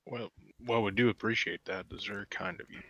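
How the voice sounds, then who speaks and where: A man's voice: fairly low pitch, brisk, fairly bright tone, no echo, highs cut off. A man playing in a tabletop game, speaking in a hesitant, modest way. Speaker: player.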